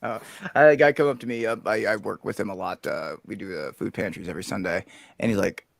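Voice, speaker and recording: A man in casual chat, telling animated stories with a laugh. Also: on the low side, quick pace, creaky, no echo. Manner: animated storyteller, acts out quoted voices with laughs. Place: home sewing room.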